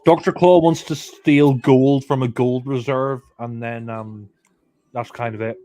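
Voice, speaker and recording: A man's voice: medium pitch, fairly even intonation, a little slow, warm tone, no room sound. A man doing casual film commentary, blunt and offhand, often restarting sentences.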